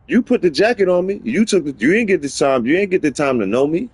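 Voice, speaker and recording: A man's voice: fast, slightly rough, dry recording. Rambling slangy middle-aged man streaming. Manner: rambling and opinionated, slips into animated high-pitched quoting of others; slangy street vernacular, repeats himself for emphasis. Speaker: gaming livestream host. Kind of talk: casual livestream commentary.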